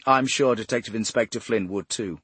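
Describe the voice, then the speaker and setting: Man playing a curt spy-agency director, matter-of-fact, husky, dry. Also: on the low side, a little fast, fairly bright tone, dry recording. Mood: brisk. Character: calm, brisk male intelligence director on the phone.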